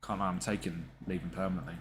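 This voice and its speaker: A man's voice: deep voice, little pitch movement, fast, a little hiss or hum. A man giving casual, slangy gameplay commentary and talking back to the characters on screen. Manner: chatty, slangy, talks to the game characters. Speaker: gaming streamer.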